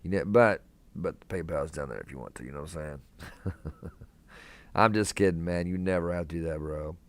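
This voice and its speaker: A man's voice: low-pitched, normal speed. A young man hosting a casual live stream from a hospital room, chatting laid-back with viewers and calling them man and brother.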